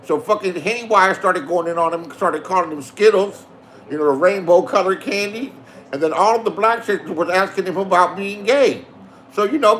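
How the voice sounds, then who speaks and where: A man's voice: sits high, a bit bright. A man telling a profane story in a boastful rant, swearing and insisting that what he says is the truth. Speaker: online show host.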